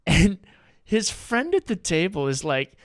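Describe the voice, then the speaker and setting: A man with a New England accent tells a rowdy bar story, voice pitched a bit high and bouncing into the quotes of the people in it. The sound is close and dry, with no room around it. He swears freely and talks in a loose, chatty way. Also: takes it slowly, no echo. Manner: animated, profane, acts out voices in stories. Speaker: podcast guest. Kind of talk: casual storytelling.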